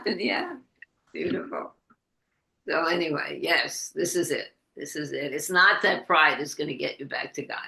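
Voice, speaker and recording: A woman leading a devotional class over a video call, telling a story with many restarts and lively quoted voices. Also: deep voice, vocal fry. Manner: halting, restarts often, animated when quoting. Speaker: class leader. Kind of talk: casual storytelling in an online class. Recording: echoey video call audio.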